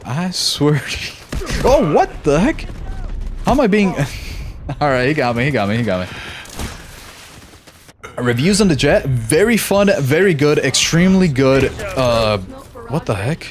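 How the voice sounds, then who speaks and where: Young American male streamer, casual and laughing, mid-pitch, faint game gunfire behind. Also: sing-song, unhurried, pauses often, a little hiss or hum. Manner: laid-back, laughs often, reads chat aloud. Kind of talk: casual live-stream chat while gaming.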